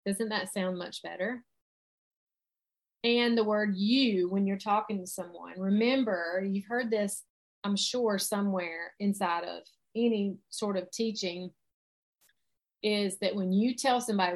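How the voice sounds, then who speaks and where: Woman coach, earnest and animated, mid-range pitch, acting out self-talk. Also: unhurried. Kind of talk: motivational talk.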